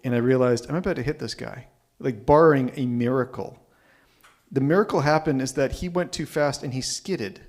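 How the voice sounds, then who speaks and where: A man hosting a live storytelling event, relaxed and conversational, with occasional stumbles. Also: medium pitch, normal speed. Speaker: event host. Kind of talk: casual hosting chat.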